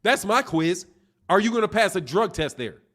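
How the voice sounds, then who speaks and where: High-voiced man ranting about boxing. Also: big pitch swings, normal speed, fairly bright tone. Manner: profane, slangy, mocking, laughs often. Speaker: boxing channel host. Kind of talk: casual livestream rant.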